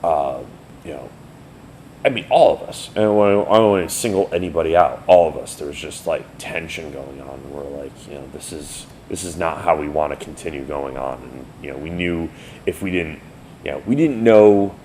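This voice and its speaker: A man in his forties with an extremely low, rumbling voice tells band stories in a loose, rambling, heavily profane way. A faint hum sits under him. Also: fairly quick. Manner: profane, rambling, animated retelling. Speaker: band member. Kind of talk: casual storytelling interview.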